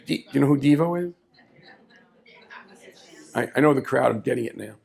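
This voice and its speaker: A man telling a story live on a small café stage, with a very gravelly, husky voice. He is chatty and animated, stopping for asides to the audience. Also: medium pitch, normal speed, pauses often.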